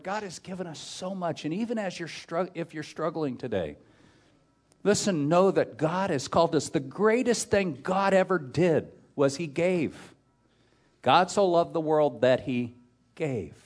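Middle-aged male pastor, mid-range voice, humorous storyteller in the pulpit. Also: medium pitch. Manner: storytelling with self-deprecating humor, swings between loud and hushed. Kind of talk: sermon.

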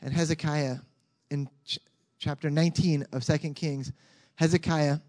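Mellow-voiced pastor preaching. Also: male voice, fairly high pitch, normal speed. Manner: conversational, animated, with frequent restarts. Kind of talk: sermon.

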